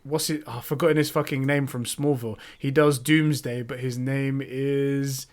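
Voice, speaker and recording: A man's voice: mid-range voice, fairly even intonation, moderate pace. A man co-hosting a casual gaming podcast, telling stories animatedly, swearing and laughing often. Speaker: podcast co-host.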